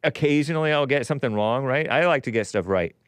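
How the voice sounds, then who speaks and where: A man's voice: mid-range voice, expressive, fast talker, smooth, no room sound. A man hosting a call-in talk show, rambling and combative, laughing at his own jokes.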